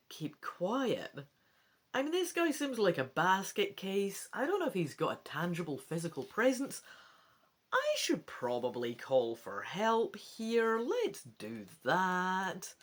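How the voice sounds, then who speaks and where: Expressive woman reading a gamebook. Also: medium pitch, slow pace. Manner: expressive, wry asides. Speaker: reader of a gamebook. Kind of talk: reading a choose-your-own-adventure with asides.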